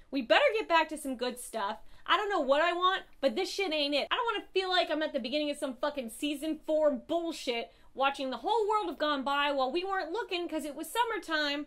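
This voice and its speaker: A woman's voice: high-pitched, lively intonation, fairly quick, a bit bright. A young woman reviewing comic books in a casual vlog, blunt and profane, swinging between gushing and furious.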